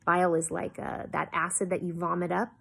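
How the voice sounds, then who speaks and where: A woman reading a novel aloud in an expressive way, with small slips and asides. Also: on the low side, a little fast, vocal fry, breathy edge. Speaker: reader.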